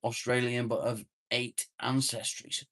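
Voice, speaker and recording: A man's voice: medium pitch, level tone, unhurried, a bit bright, no room sound, studio quality. A man hosting a casual live stream outdoors on a phone, chatting with viewers, humming and muttering to himself as he reads the chat. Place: outdoors, sitting in a chair near the house.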